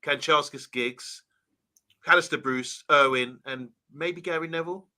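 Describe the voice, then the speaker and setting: Casting: male co-host, very bright sound, chatty and friendly with viewers, casual football banter. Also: fairly high pitch, normal speed. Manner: chatty, greets viewers by name. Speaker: livestream co-host reading comments.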